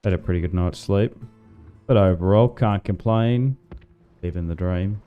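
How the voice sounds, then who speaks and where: Laid-back Australian man, smooth low voice. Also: normal speed, narrow, tinny audio, soft background music. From Tasmania, Australia. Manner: rambling, chatty, greets and answers chat, many "like" fillers. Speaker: gaming livestreamer. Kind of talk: casual livestream commentary while playing.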